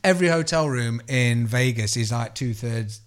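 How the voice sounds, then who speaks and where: A man's voice: mid-range voice, normal speed. An English man co-hosting a podcast, telling sweary, jokey stories in casual chat and acting out the voices of the people in them. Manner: sweary, jokey storyteller who acts out voices. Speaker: podcast co-host.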